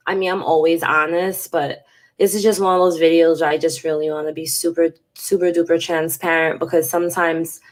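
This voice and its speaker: A woman's voice: low voice, level tone, fairly quick. A congested woman in her thirties talking frankly and casually to her viewers in a personal vlog, swearing now and then. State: congested from a cold. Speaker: vlogger.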